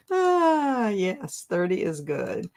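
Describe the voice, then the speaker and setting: A woman hosts a live stream in an unhurried, drawn-out way. She chats casually, reads viewers' comments aloud and keeps dissolving into giggles. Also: mid-range voice, big pitch swings, a little mellow. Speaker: livestream host.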